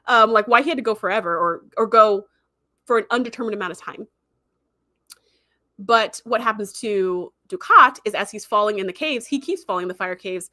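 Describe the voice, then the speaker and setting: A woman hosting a livestream, recapping a show in a chatty, animated way full of "like" and "um.". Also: medium pitch, dry recording, clean studio sound. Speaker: livestream host. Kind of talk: casual episode recap.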